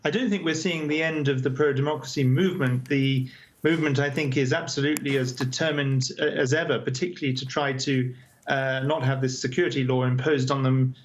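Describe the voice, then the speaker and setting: A man giving a remote news interview as the chair of an advocacy group, speaking over a video call in a measured, earnest way with frequent hesitations. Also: medium pitch, fairly even intonation.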